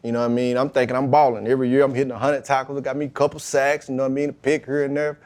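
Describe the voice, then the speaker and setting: A man, a pro football player, talking as a podcast guest, telling his story about faith and football in a lively, emphatic way. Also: mid-range voice, very fast. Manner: emphatic, animated retelling with acted-out quotes.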